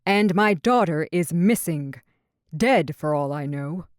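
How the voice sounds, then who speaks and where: A woman reads a desperate older king in a fantasy audiobook, his voice low and pleading. He raises it in anguish, and the recording is close and dry. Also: moderate pace, darkish tone, dry recording, natural voice.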